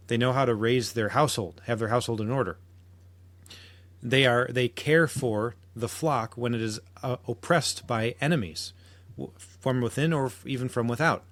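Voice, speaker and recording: A man's voice: mid-range voice, dry recording. Earnest man arguing on a podcast. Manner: earnest, argumentative, frequent restarts. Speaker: podcast host. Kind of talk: solo podcast commentary.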